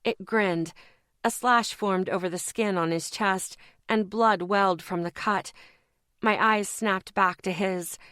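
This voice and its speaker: Woman, audiobook narrator, first-person, slow measured pace, intense emotional reading, dry close booth sound. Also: mid-range voice, steady tone, a bit bright, no echo.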